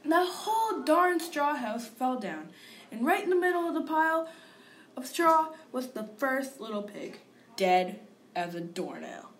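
Voicing a sly, self-pitying male wolf, a woman narrates his version of events in a wronged, confiding tone. She reads with a high voice that is very animated yet unhurried, and there is slight background noise.

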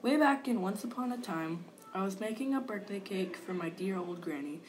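A woman's voice: medium pitch, animated, moderate pace, close to an everyday voice. A woman reading aloud as a male wolf narrator, telling his side of the story in an aggrieved, confiding manner. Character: wolf, male, self-pitying and sly.

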